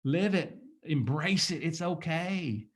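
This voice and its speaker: A man's voice: fairly high pitch, animated, slow. A man in his fifties giving an emphatic, preachy motivational talk, often asking "guess what?". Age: 50s. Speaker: motivational speaker.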